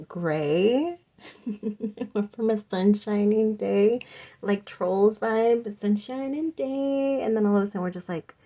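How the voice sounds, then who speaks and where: A woman's voice: mid-range voice, a little mellow. A young woman chats her way through a pick-a-card tarot reading. She giggles often and fills her talk with "like" as the cards come up. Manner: giggly, chatty, says "like" often. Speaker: tarot reader.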